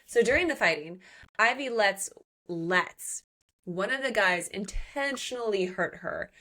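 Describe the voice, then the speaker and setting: A woman co-hosting a podcast, recapping a book in casual chat, animated and swearing, acting out the characters' lines. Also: medium pitch, measured pace. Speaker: podcast co-host.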